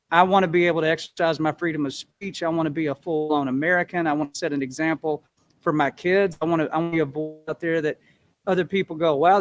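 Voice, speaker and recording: Earnest, folksy male interview guest. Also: fairly high pitch. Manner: earnest, folksy storytelling, acts out everyday voices. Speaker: guest, musician and business owner. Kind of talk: interview answers.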